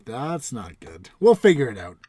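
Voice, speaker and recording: A man's voice: medium pitch, huge pitch swings, moderate pace, dark tone, slightly rough, dry recording, clean studio sound. A young man co-hosting a casual podcast, talking frankly and swearing casually. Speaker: podcast co-host.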